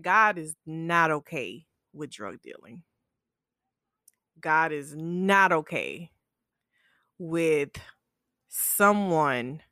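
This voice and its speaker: Slow, chatty woman podcast host. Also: on the low side, fairly bright tone, no room sound, studio quality. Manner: playful, chatty, earnest advice. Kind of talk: casual storytelling talk.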